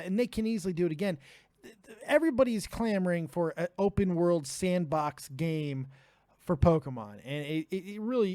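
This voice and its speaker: A man's voice: high voice, warm tone, dry recording, clean studio sound. A man hosting a live call-in stream, chatting casually, laughing often and swearing freely. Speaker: livestream host taking calls.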